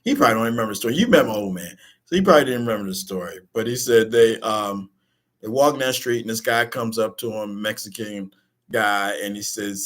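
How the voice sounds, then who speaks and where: A man's voice: on the low side, quick pace, a bit bright. A man co-hosting a casual radio talk show, who jokes around and tells rambling stories full of slang. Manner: joking, rambling storyteller with slang.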